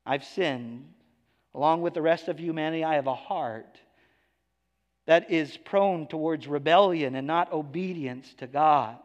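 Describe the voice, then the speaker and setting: A male pastor preaching a sermon, emphatic, swinging between hushed lows and raised declarations. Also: a little slow, big-room sound, dull audio.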